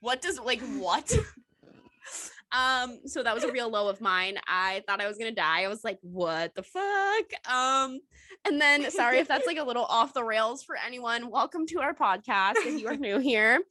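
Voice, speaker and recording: A woman's voice: on the high side, moderate pace, bright, forceful tone, dry recording. A young woman co-hosting a casual podcast, rambling and swearing freely while laughing often. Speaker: podcast co-host. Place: outdoors at her mother's home. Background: dog barking and squirrel noises.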